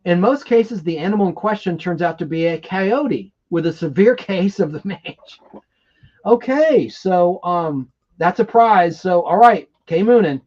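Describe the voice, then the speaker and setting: A man hosting a live stream in a rambling, excitable manner, chatting casually and reading viewer comments aloud between trivia questions. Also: high voice, unhurried, muffled recording. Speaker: livestream host.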